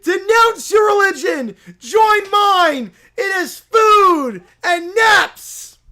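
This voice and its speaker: A man puts on a shrieking, self-righteous preacher of a pizza cult, whose high, bright voice leaps wildly up and down as he rants. He yells and wails with outrage in every breath, the voice of a comic improvised sketch. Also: animated, very slow, exaggerated voice. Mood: ranting outrage. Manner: shrieking, indignant, ranting.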